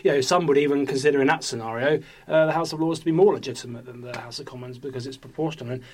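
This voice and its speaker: A man's voice: medium pitch, racing, a little mellow. A man hosting a casual panel discussion, putting questions and thinking aloud. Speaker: host.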